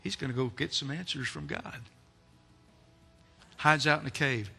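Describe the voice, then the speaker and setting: A man preaching a sermon in a church, telling a story dramatically, acting out characters and swinging from loud to soft. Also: fairly high pitch, moderate pace, vocal fry, husky, soft background music.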